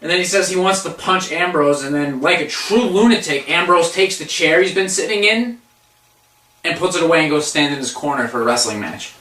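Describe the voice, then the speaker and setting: A young man ranting through a wrestling recap in a sarcastic, foul-mouthed, mocking way. His voice is bright and a little high. He sounds off-mic in an echoey room. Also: lively intonation, fairly quick, recorded from a distance. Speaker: wrestling review co-host. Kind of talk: casual review chat.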